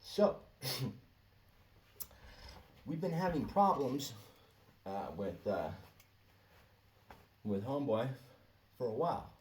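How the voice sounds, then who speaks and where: A man's voice: medium pitch, sing-song, slow, pauses often, a little mellow, distant mic, a little hiss or hum, pitched above the performer's own voice. A man voicing an easygoing female manager who talks in a friendly, chuckling way. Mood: amused. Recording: echoey room, off-mic, faint ambience.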